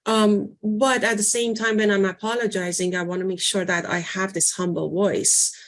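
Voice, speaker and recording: A woman leading a library workshop in an informal teaching voice, conversational and often pausing to search for words with fillers. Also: medium pitch, flat delivery. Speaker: workshop presenter.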